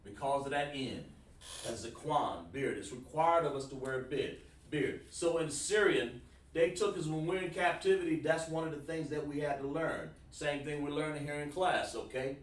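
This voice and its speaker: A male Hebrew teacher from South Carolina, USA, running an online class lesson at a moderate pace with a higher-leaning voice. He's informal, repeats words, and calls students by name, heard from a distant mic in an echoey room.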